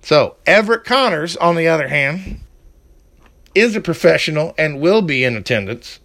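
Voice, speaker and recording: A man's voice: on the high side, animated, moderate pace, creaky, a bit bright. A man hosting a casual wrestling preview podcast, rambling with fillers and turning to a heated rant. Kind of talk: casual chat.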